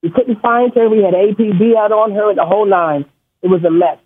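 A man's voice: high voice, brisk, slightly rough. A man from New York calling into a radio show, stuttering and rambling emotionally through a story about his family. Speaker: caller. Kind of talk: call-in storytelling. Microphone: phone. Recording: tinny phone line.

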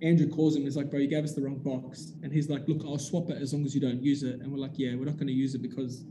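A man's voice: mid-range voice, little pitch movement, fast, background noise. A man, telling a story in casual chat, acting out the dialogue with animation and swearing casually. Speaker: business owner telling a story.

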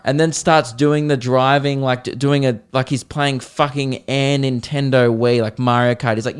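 Aussie comedy podcast guy ranting, sweary and mocking, smooth clear voice. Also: mid-range voice, moderate pace. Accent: Australian. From Australia. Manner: animated, profane, mocking. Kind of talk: comedic storytelling rant.

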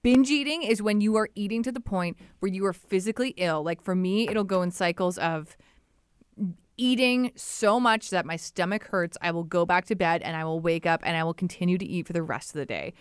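A woman's voice: fairly low pitch, a little fast, smooth, dry recording, clean studio sound. A young adult woman co-hosting a podcast, talking openly and animatedly in casual chat. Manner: candid, animated, quotes people in playful voices. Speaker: podcast co-host.

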